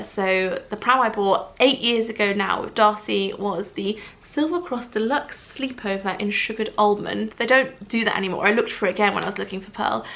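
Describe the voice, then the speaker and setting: A woman, chatting casually in a vlog, bubbly and gushing, her voice leaping up when excited. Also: medium pitch. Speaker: vlogger. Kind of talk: casual chat.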